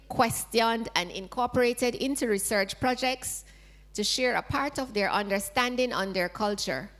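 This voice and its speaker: A woman with a Jamaican accent, a researcher presenting a formal lecture in a measured, read-out way. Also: on the high side, fairly bright tone. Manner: measured, reading from prepared text.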